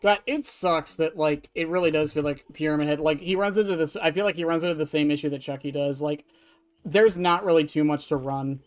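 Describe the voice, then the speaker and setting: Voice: mid-range voice, fairly quick. A game streamer at a desk chatting casually with viewers, rambling and offhand, answering chat questions and swearing now and then. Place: at a desk indoors.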